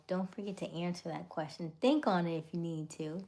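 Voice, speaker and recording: A woman hosting a live stream, greeting viewers by name and giving gentle, encouraging advice. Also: on the low side, brisk. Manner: greets viewers and reads comments aloud.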